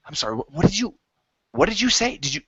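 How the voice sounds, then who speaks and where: A man's voice: high voice, sing-song, fast, pushed and bright, husky, voice pushed up, exaggerated voice. A man voicing a stern, offended elf who questions sharply, on a lo-fi recording. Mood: indignant.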